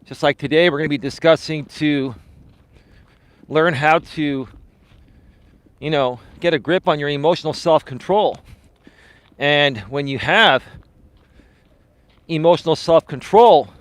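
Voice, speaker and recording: Male life coach, earnest motivational walk-and-talk streamer, slightly high voice, dry close sound. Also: a little slow, long pauses, no echo. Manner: earnest, repetitive, motivational, addresses viewers as folks. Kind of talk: casual live-stream talk while walking. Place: outdoors, walking.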